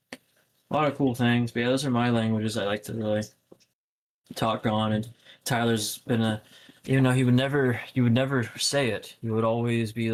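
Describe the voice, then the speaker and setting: A man's voice: medium pitch, slight background noise. A young man co-hosting a podcast in casual chat, rambling with lots of fillers and swearing. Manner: rambling, full of fillers and profanity. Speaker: podcast co-host.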